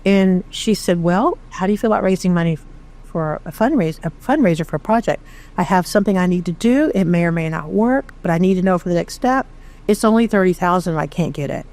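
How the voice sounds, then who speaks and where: A middle-aged woman from Texas tells her own story as an interview guest, candid and animated, with a self-deprecating streak. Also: on the low side, fairly quick. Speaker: charity founder, interview guest. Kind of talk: conversational storytelling.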